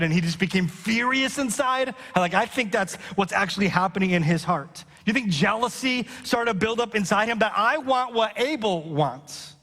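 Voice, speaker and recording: Pastor, male, high voice, emphatic repetition, long hall reverb. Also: fairly bright tone. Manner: preaching with rising emphasis, repeating key lines. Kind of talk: sermon. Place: church hall.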